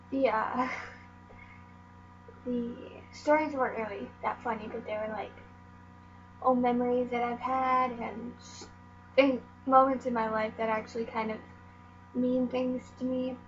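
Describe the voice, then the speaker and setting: Teen girl vlogger, slow and rambling, dull lo-fi audio with a faint hum. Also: a little high. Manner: rambling, meandering, lots of "like" and "um". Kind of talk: casual storytelling vlog.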